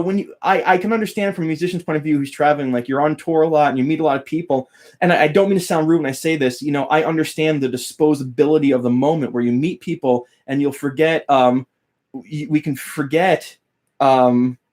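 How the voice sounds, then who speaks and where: A young adult man with a slightly high voice tells a story to his viewers in a casual, eager way. He laughs often and acts out what others said. He sounds thrilled. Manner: animated, laughing, quoting others with voice changes. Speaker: guitar teacher and YouTuber.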